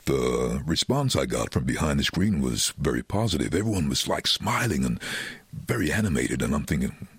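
A man who works as a voice-over artist, telling anecdotes in an interview, animated and quick to slip into other voices. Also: dry recording. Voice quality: very deep, husky voice. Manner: lively, animated storyteller doing quick voices for quoted people.

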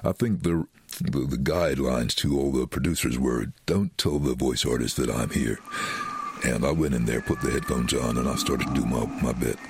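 A man who works as a voice-over artist, telling anecdotes in an interview, animated and quick to slip into other voices. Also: noisy background. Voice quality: very deep, husky voice. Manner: lively, animated storyteller doing quick voices for quoted people.

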